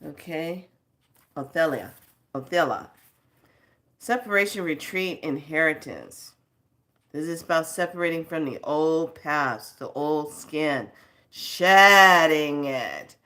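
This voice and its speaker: A woman with a low voice talks slowly and casually on her spiritual channel. She scolds and rambles, wandering off on tangents. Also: expressive, fairly bright tone. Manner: scolding, rambling, laughs between stories. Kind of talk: casual spiritual vlog talk.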